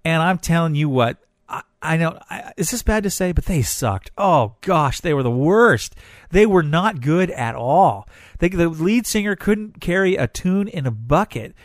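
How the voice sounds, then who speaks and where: A man telling a personal story in a casual, animated way, getting emotional as he goes. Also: fairly high pitch, measured pace, dry recording, clean studio sound. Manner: animated, emotional, grows excited. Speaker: storyteller recounting a concert.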